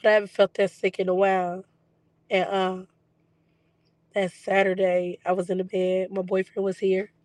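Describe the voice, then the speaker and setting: A woman vlogging a casual video journal, her voice still recovering after being lost for weeks, telling stories in a relaxed, chatty way with plenty of fillers. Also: medium pitch, normal speed, pauses often, dry recording. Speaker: psychic medium vlogger.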